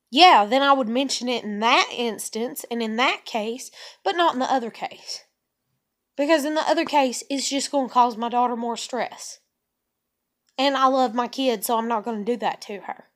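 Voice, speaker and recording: A woman's voice: on the high side, normal speed. A woman, venting in an exasperated monologue full of rhetorical questions. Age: 30s. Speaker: vlogger.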